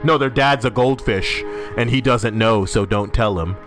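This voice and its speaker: A man's voice: medium pitch, moderate pace. A young man streaming a game, rambling casually, swearing, and laughing at his own jokes while reading chat. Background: music.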